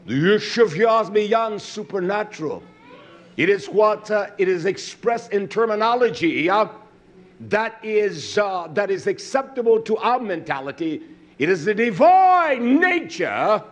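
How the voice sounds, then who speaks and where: A man preaching a sermon, slow and emphatic with many fillers, rising to shouts and then dropping low.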